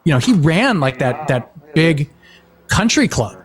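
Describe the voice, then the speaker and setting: A man's voice: a little high, sing-song, a little slow. A man hosting a podcast, casually telling rambling family stories, laughing often and acting out what people said. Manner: rambling storyteller, laughs often, acts out quotes. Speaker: podcast host.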